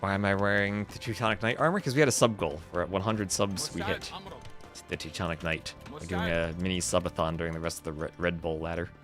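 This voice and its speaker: A man's voice: low-pitched, fairly even intonation, fast talker, music in the background. A man casting a strategy game on a live stream, calling the play and chatting with his viewers. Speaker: esports caster and stream host.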